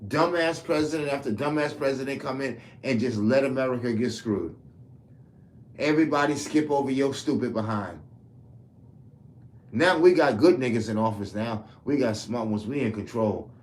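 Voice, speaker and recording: A man's voice: mid-range voice, normal speed, darkish tone. A man ranting heatedly to camera, profane and rambling. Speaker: commentator. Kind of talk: political rant to camera.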